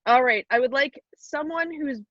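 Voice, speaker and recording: A young adult woman chatting casually on a podcast, pitching ideas and laughing often. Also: moderate pace, bright, forceful tone, no echo, lo-fi sound.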